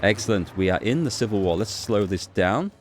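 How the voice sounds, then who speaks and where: A man's voice: lowish voice, animated, brisk, a little hiss or hum. A man giving casual gameplay commentary, thinking aloud as he plays, with fillers and small restarts. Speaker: gaming YouTuber.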